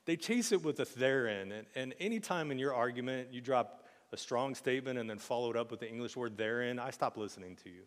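A man preaching a sermon in a casual, joking way, with sudden loud acted outbursts. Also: medium pitch, expressive, quick pace, hardly any pauses, in a large hall. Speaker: pastor. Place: church sanctuary.

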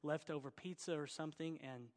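A man's voice: fairly high pitch, fairly quick, long reverb tail. A middle-aged man from Oklahoma with an Oklahoma accent, preaching a sermon in an earnest, exhorting way with folksy asides. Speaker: pastor.

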